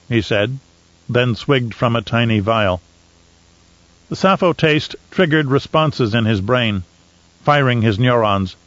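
Brief: male audiobook narrator, steady mid voice, dry close read, slightly muffled. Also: mid-range voice, no echo. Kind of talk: scripted narration.

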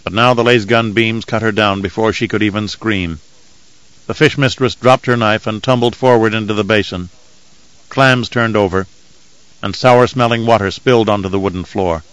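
A man's voice: on the low side, clean tone, dry recording, poor audio. Man narrating, dry close studio sound. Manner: steady, measured storytelling. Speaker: audiobook narrator. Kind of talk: scripted narration.

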